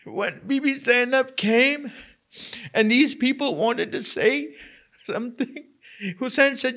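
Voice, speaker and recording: A man's voice: extremely high pitch, slow pace, long pauses, pushed and bright. A man preaching a sermon, telling a story with quoted dialogue and repeating lines for emphasis. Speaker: preacher giving a majlis.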